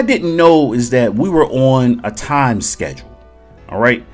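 A man's voice: medium pitch, animated, unhurried, soft background music. A man in his forties, an army veteran who tells stories on a podcast in a casual, profane, jokey way.

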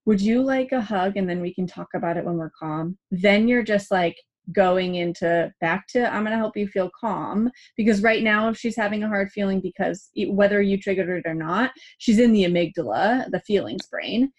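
A woman's voice: mid-range voice, moderate pace, darkish tone. A young adult woman hosting a parenting show, chatting casually, acting out quoted dialogue and using "like" a lot. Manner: chatty, acts out quoted dialogue, many "like" fillers. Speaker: parenting podcast host. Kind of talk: casual advice chat.

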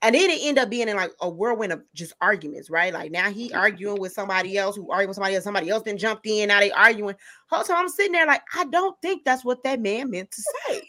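Speaking very fast in a medium-pitched voice, a woman hosts a podcast and spins animated stories in relaxed chat. Laughter breaks into her talk often.

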